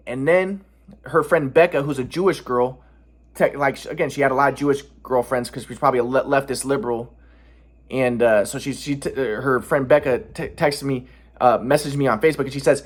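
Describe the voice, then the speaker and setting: A man's voice: medium pitch, brisk, breathy edge. A man telling a personal story casually, rambling with many restarts and defensive repetitions. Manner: agitated, defensive. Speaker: vlogger.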